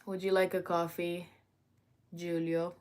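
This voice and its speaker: A woman's voice: on the low side, little pitch movement, a little slow, darkish tone. A young woman chats easily on a casual home livestream. She greets her viewers by name, drifts from one thought to the next, and fills the gaps with "um" and "like". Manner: chatty, greets viewers by name, uses filler words. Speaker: livestream host.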